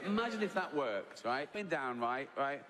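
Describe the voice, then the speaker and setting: A man's voice: on the high side, sing-song, normal speed, fairly bright tone, in a large hall, a faint crowd. A man doing a stand-up routine, chatty and sweary, tagging his lines with "right?". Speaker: stand-up comedian. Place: live venue with audience.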